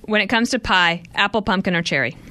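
A woman in her forties chatting casually as a podcast co-host, telling stories with lots of "like" and quick asides. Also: mid-range voice. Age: 40s. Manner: chatty, animated storytelling with filler "like". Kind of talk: casual chat.

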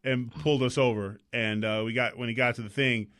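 Guy on a talk show going off on a long funny story, bright forceful voice, keeps rambling. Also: medium pitch, a little fast. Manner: animated, rambling anecdotes; slips into mock voices. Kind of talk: casual storytelling chat.

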